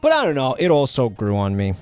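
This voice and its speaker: A male streamer talking casually to his chat, stopping and restarting his sentences and trailing off with fillers. His pitch sits in an ordinary middle range, and his tone is offhand and a little sardonic. Soft music plays underneath. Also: wildly swooping pitch, clean tone. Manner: rambling, halting, with many fillers and restarts.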